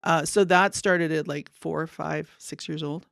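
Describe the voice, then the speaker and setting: Woman in her 50s, artist guest, smooth but gravelly voice, earnest and upbeat, dry sound. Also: low-pitched, steady tone, measured pace, a bit bright, no echo. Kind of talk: casual interview.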